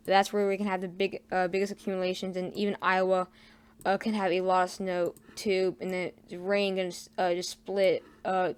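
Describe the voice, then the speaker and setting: Halting woman giving a weather forecast. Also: medium pitch, smooth. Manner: halting, frequent fillers and self-corrections. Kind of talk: casual weather forecast over radar maps.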